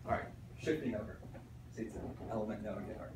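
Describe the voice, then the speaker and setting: A man from Pittsburgh, an art teacher giving an animated conference talk to fellow teachers, acting out voices and checking in with "right?" as he goes. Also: fairly low pitch, quick pace, heavy background noise. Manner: animated storyteller, acts out voices, frequent "right?". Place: conference room. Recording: echoey room recorded from a distance.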